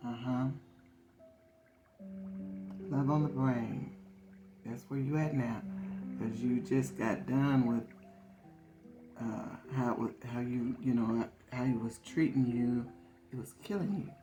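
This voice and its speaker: A woman's voice: rumbling low, fairly even intonation, slow pace, long pauses. A woman reading tarot in a casual, conversational way, repeating phrases for emphasis. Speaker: tarot reader. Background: soft guitar music.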